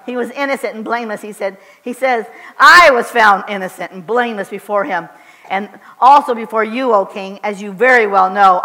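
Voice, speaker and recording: A woman's voice: a little high, pushed and bright, big-room sound. A woman preacher giving a fervent, emphatic sermon in a church, driving points home with short repeated declarations. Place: church sanctuary.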